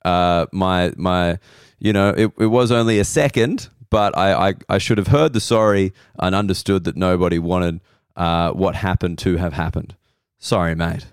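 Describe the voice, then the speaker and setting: An Australian comedian hosting a podcast, telling rambling self-deprecating stories slowly, his voice hoarse and worn. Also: deep voice, no echo, studio quality. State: losing his voice. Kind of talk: casual comedic monologue.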